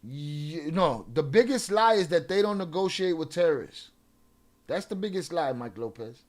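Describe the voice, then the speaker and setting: On his livestream, a young adult male host argues with viewers, cursing freely and slipping into Spanish slang. The pitch is a little high, the intonation lively, and the pace moderate.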